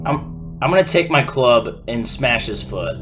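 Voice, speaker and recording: A laid-back, deadpan player in a tabletop game. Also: medium pitch, unhurried, over music. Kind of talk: tabletop role-play.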